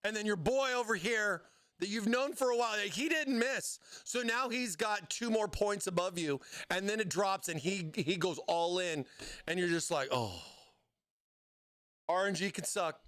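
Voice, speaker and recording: A man's voice: high-pitched, moderate pace, fairly bright tone, clear, resonant tone, no echo, studio quality. A man hosting a casual livestream giveaway, hyped and slangy, calling viewers "baby" and "bro.". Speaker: livestream host.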